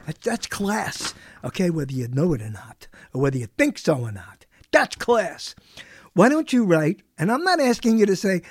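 This radio show host has a high-pitched male voice, captured on a studio microphone with no echo and studio quality. Running a live talk show, he chats in a digressive, rambling manner and keeps interrupting himself mid-sentence.

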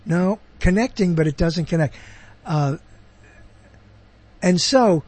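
A show host with a high, expressive, slightly mellow male voice speaks slowly. His monologue is chatty and rambling, constantly digressing as he interrupts himself with asides.

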